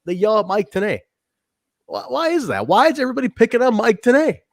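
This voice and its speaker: A man co-hosting a casual wrestling review podcast, rambling and animated, swearing and laughing easily. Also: very high-pitched, fast talker, dry recording, clean studio sound. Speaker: podcast co-host.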